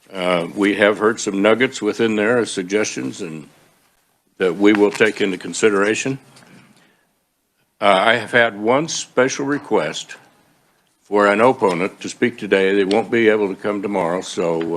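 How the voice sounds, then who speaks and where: A man chairing a legislative committee hearing, procedural and easygoing, with frequent fillers. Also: fairly low pitch.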